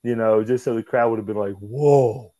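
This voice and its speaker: Low, mellow-voiced wrestler telling stories. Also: male voice, quick pace, no echo, poor audio. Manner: animated, acts out quotes in raised voice, swears, says "brother" and "man". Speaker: interview guest, pro wrestler. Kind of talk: casual storytelling interview.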